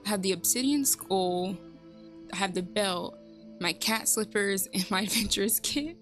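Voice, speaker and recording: A woman's voice: medium pitch, moderate pace, fairly bright tone, soft background music. A woman giving casual gameplay commentary, chatty and thinking aloud, joking at herself. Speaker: let's play host.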